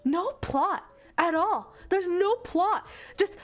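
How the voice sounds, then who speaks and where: A woman's voice: very high voice, expressive, slow. A female streamer giving casual commentary, exasperated and swearing a lot.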